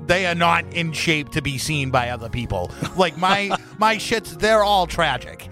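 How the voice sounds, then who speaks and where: Bright-voiced joking podcast man. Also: fairly high pitch, lively intonation, faint music behind. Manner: self-deprecating, drawn-out jokes. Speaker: podcast co-host. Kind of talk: crude comedic banter.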